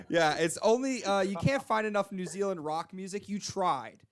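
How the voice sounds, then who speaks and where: A man's voice: sits high, moderate pace. A man running a tabletop game as game master, laughing often as he narrates. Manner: giggly, laughs often between lines.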